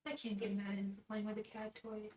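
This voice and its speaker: A woman's voice: mid-range voice, monotone, fast, distant mic. A woman chatting casually on a live tarot stream from her room at home, often cooing baby talk at her cat. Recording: echoey room, voice off-mic, faint noise.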